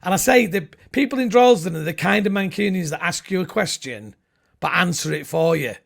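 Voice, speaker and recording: A man's voice: high-pitched, lively intonation, fairly quick, creaky. A middle-aged man, a comedian, chatting casually and telling rambling, jokey stories with little comic voices. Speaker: comedian guest. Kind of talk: casual chat.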